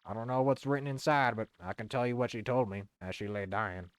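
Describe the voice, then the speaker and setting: A quiet, guilt-ridden old bomb, as a man puts him on, dropping his voice low and soft as he confesses. It is a dry, close recording. It is read as a video game character. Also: a little fast, no echo, natural voice. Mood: remorseful.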